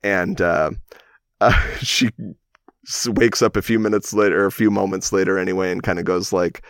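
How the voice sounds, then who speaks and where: This man in his thirties has a low, steady voice and talks at a normal speed as he rambles through a lengthy personal story on a podcast. He keeps correcting himself and chuckling, and the studio-quality audio has no echo.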